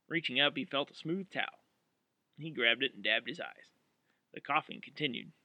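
Man narrating an audiobook, bright and dry. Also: mid-range voice, no echo. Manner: expressive, dramatic.

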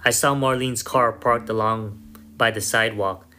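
A man narrating a first-person story in a measured, somber way. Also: lowish voice, steady tone, a little hiss or hum. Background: soft guitar music.

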